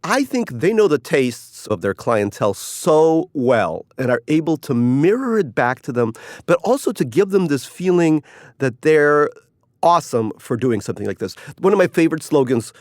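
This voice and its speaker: A man's voice: a little high, big pitch swings, moderate pace, no echo, clean studio sound. A middle-aged man, an author, talking casually and wryly in an interview, rambling and putting on mock voices. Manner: wry and rambling, mock voices for quotes, laughs often. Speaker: author interviewed about his cruise article.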